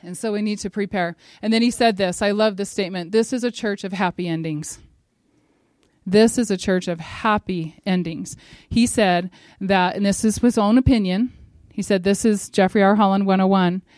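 A middle-aged woman gives a devotional talk at a church gathering. She speaks earnestly and presses her points with building force. Her voice sits at an ordinary pitch and is recorded dry, with almost no room sound. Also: fairly even intonation, brisk, few pauses, dry recording. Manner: earnest and emphatic, rising to forceful exhortation.

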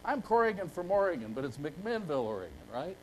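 A man's voice: on the high side, sing-song, fast talker, slight background noise, rough recording. An older man speaking at a conference, telling rambling folksy stories to a live audience. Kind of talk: storytelling talk to a live audience.

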